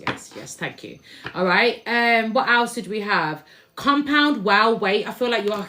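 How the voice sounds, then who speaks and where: A woman talking her way through a live spiritual card reading in a loose, rambling manner, often repeating words and restarting mid-sentence. Soft music plays faintly behind her, and her voice sits at an ordinary middle pitch. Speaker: tarot reader.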